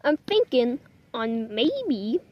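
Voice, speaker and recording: Young female vlogger, high-pitched, chatty and rambling, recording outdoors. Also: sing-song, extremely slow, lo-fi sound. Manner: chatty and rambling, with frequent apologies. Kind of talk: casual outdoor vlog chat. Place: outdoors in the cold, sitting on rocks.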